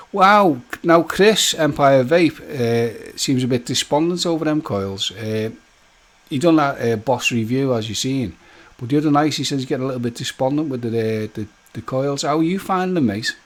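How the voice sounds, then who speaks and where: A man's voice: mid-range voice, expressive, moderate pace. A man hosting a casual live stream, chatting with his viewers by name and joking as he goes. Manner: chatty and jokey, speaks straight to viewers by name; loose rambling talk with many fillers and restarts.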